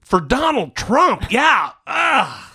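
A man's voice: on the high side, big pitch swings, unhurried, bright, forceful tone. A man hosting a political podcast, talking in a heated, emphatic way and cursing freely. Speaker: podcast host. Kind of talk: casual political chat.

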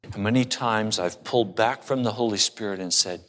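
A man's voice: lowish voice, steady tone, moderate pace, a bit bright, in a large hall. A male pastor preaching a sermon and telling stories with humor. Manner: storytelling with humor.

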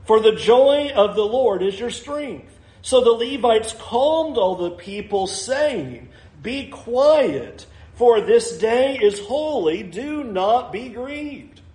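A man's voice: very high-pitched, expressive, takes it slowly, darkish tone. A man preaching an expository sermon as pastor, explaining scripture with dry humor. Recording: roomy echo.

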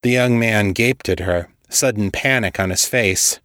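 Man, storyteller, low voice, measured scripted narration, dry close recording. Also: a bit bright, no room sound. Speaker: storyteller, podcast host.

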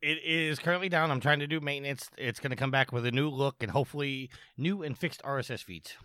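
A man's voice: mid-range voice, pushed and bright, clean tone, no echo. A man co-hosting a podcast, reading gaming news and then joking with the others in a casual chat. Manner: reads news quickly, then jokes around. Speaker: podcast co-host.

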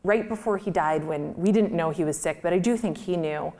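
A woman's voice: lowish voice, a little fast, dark tone. A woman from Minnesota, a writer telling a personal story in a chatty, self-deprecating way. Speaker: writer giving a talk.

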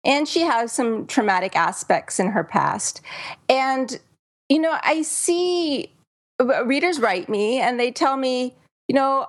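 Woman host, casual chat, easy laughs, plenty of ums. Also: a little high. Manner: chatty, laughs easily, many fillers. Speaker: podcast host and thriller author.

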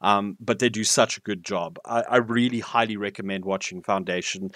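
A man's voice: lowish voice, normal speed, fairly bright tone, no room sound, clean studio sound. A man co-hosting a podcast, chatting enthusiastically about a TV series with frequent fillers and restarts. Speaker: podcast co-host reviewing TV. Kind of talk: casual podcast chat.

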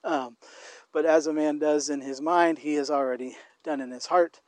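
A man's voice: on the high side, fairly even intonation, darkish tone, dry recording. A man with a slightly raised voice talks through faith and love in a loose, rambling way, often stopping and restarting his thoughts. The sound is dry and close. He is out walking while he talks. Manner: rambling, halting with many restarts. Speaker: co-host. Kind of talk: casual faith chat.

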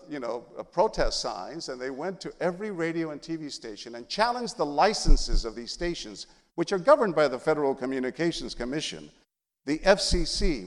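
A middle-aged man from San Antonio, Texas, a journalist giving a speech and telling his life story with humor and animation. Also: fairly high pitch. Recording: long hall reverb.

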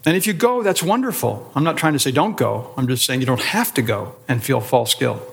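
Speaking at medium pitch, a man who pastors teaches adults in Sunday school. Deliberate in manner, he stresses words across short listed phrases and uses rhetorical questions.

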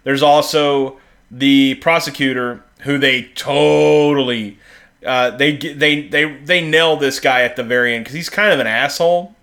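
A man's voice: mid-range voice, fairly even intonation, a little slow, a bit bright. A man co-hosting a podcast in casual chat, swearing freely and laughing often. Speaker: podcast co-host.

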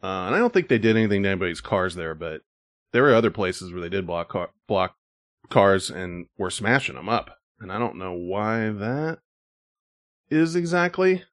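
A man hosting a casual group chat show, animated and quick to laugh. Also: low voice, no echo, studio quality. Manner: animated, laughs often, mimics others. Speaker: podcast host.

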